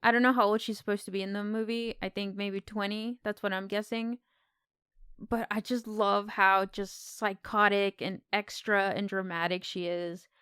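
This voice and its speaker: A woman co-hosting a casual film podcast, talking in an animated, exclamatory way. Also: medium pitch, normal speed, clean tone, no room sound, clean studio sound. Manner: animated, exclamatory, acts out quotes. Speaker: podcast co-host.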